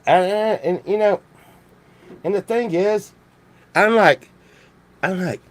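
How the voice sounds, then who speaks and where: A man's voice: high voice, slow, long pauses. A man from Texas, rambling jokily in a casual monologue full of restarts and swearing. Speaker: vlogger.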